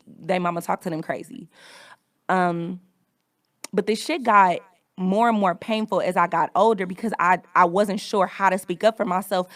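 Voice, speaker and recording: Candid low-voiced woman podcast host. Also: no echo. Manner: candid and profane, reflective. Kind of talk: personal storytelling monologue.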